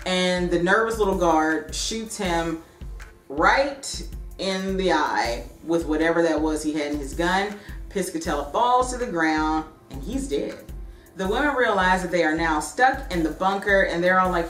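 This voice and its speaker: A woman casually recapping a TV season for her vlog, chatty and animated, with frequent "um" and "like". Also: fairly low pitch, moderate pace, soft background music. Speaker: TV recap vlogger. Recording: echoey room.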